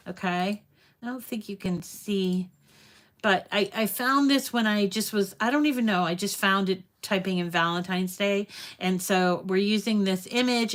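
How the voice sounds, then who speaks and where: Woman chatting on her craft stream, thanks viewers a lot, medium voice. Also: mid-range voice. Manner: chatty and affectionate, reads viewer comments aloud; talks sweetly to her dogs in a raised voice. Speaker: crafting livestream host. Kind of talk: casual livestream chat with viewers.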